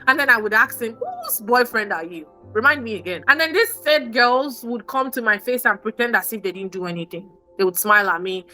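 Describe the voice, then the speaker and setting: A woman's voice: on the high side, lively intonation, fairly quick, hardly any pauses, bright, forceful tone, soft background music. A woman, a podcast guest telling her own story emphatically, repeating phrases and acting out what others said. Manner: emphatic, repeats phrases, acts out quoted speech. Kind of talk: personal storytelling in an interview.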